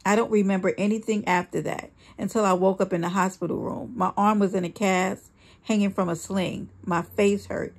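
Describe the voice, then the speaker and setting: A woman reading a first-person memoir aloud in a plain, steady storytelling delivery. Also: mid-range voice, moderate pace. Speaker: memoir reader.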